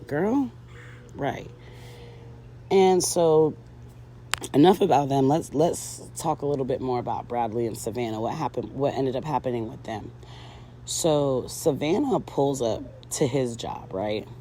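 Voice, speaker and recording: A woman's voice: rumbling low, unhurried, dark tone, slight background noise. A woman recapping a reality show in casual commentary, sassy and chatty with lots of fillers, talking to her viewers as girl and ladies.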